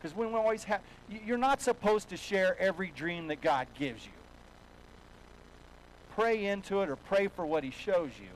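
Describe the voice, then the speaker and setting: Folksy storytelling male pastor, slightly high. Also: expressive, normal speed, slight background noise, rough recording. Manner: folksy storytelling, swinging between hushed and loud. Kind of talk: sermon. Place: church.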